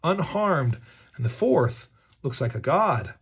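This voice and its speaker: A man voicing an astonished ancient king who exclaims in a raised, excited voice. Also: a little high, slow, vocal fry, husky, exaggerated voice.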